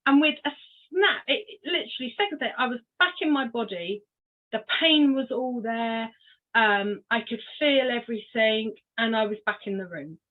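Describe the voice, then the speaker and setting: A woman's voice: fairly high pitch, animated. Older woman telling her story over a tinny line. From Cornwall, England. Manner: unhurried, reflective storytelling with frequent ums. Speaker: guest. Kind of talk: personal story in a podcast interview.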